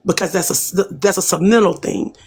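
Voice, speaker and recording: A woman's voice: on the low side, fast, vocal fry, darkish tone, husky. A woman in a casual live audio chat, giving the host reflective advice. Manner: advising, reflective, speaks straight to the host.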